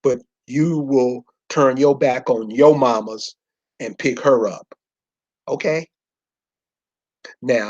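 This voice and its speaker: A man's voice: medium pitch, takes it slowly, long pauses, darkish tone, dull audio. Preachy man lecturing with rhetorical questions. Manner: talks to the audience in loose slangy speech. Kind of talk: informal lecture pointing at a map.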